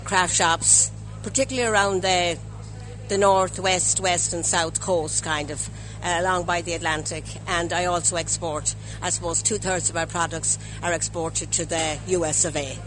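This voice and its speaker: A woman's voice: lowish voice, level tone, normal speed, music in the background, low-quality recording. An Irish woman who runs a small craft business, introducing her work hesitantly with many fillers. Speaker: basket weaver, craft business owner.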